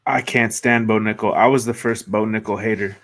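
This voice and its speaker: A man's voice: lowish voice, steady tone, brisk, a bit bright. A man on a fight picks stream giving blunt, opinionated trash talk in casual banter. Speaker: co-host of a fight picks show.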